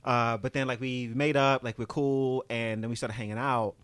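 A man's voice: medium pitch, fairly even intonation, normal speed, a bit bright, clear, resonant tone, dry recording. A man in his thirties hosting a podcast, chatting candidly and laughing often, with plenty of fillers. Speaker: podcast host. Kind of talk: casual chat.

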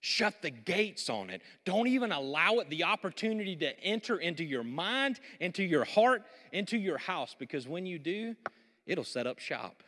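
A man with a high voice preaches in a church sanctuary. He is lively and jokey, and he keeps calling on the congregation to answer. The hall has a long, ringing reverb. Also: moderate pace. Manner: energetic, jokey preaching with audience prompts. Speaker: pastor. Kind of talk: sermon.

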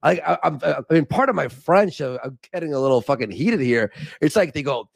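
A man's voice: a little high, expressive, brisk, creaky, breathy edge, no room sound. A young man from Canada in casual livestream chat, rambling and getting heated, swearing and stumbling over restarts. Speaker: streaming guest.

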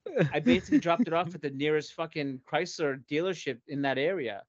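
Profane animated man telling a story. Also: on the high side, fairly quick, no echo. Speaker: podcast co-host. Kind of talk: casual storytelling chat. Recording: dry, dull lo-fi podcast audio.

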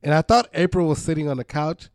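A man's voice: fairly high pitch, fast, darkish tone, dry recording. Male podcast co-host, casual recap, rambling delivery with frequent laughs, dry close mic. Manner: rambling, laughs often while retelling.

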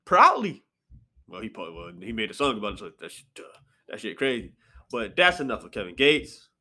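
A man hosting a casual solo podcast from his apartment, swinging between sudden high exclamations and low mutters. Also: fast. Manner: animated, jumps into sharp high outbursts then drops to low mutters. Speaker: podcast host. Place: apartment room.

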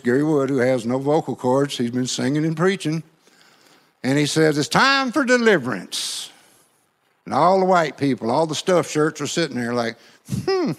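Folksy preacher man with gravelly voice. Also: medium pitch. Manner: folksy, joking, call-and-response with the crowd. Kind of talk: sermon with humorous storytelling. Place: church.

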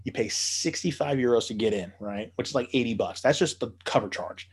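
A man's voice: mid-range voice, lively intonation, fairly quick, breathy edge. A man telling a long story in casual podcast chat, profane and rambling with many fillers.

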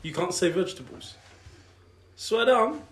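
A young man chats and teases on a podcast. His voice is high and swings widely, he giggles a lot, and the recording is roomy with a faint hiss. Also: expressive, a little slow. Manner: giggly, teasing. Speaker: podcast co-host. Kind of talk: casual chat. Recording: echoey room, faint noise.

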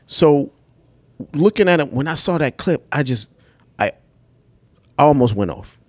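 A man's voice: a little high, animated, measured pace, a little mellow, dry recording. A man on a casual podcast speaking bluntly and indignantly in slangy, everyday talk. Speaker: podcast co-host.

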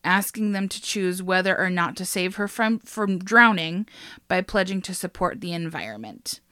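Woman, casual podcast co-host, gushing, bright voice, lowish pitch, dry close sound. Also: normal speed, no room sound. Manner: gushing, excitable, swears casually.

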